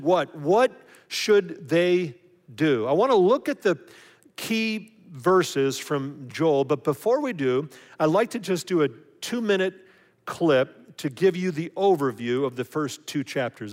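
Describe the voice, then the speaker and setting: Male pastor, conversational sermon, slightly high voice, long hall reverb. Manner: conversational, acts out voices of others.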